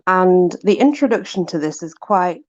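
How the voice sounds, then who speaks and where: A woman's voice: on the low side, lively intonation, moderate pace, darkish tone, no echo, lo-fi sound. A woman casually reading aloud from a book to her viewers, amused and puzzled, laughing often. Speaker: vlogger.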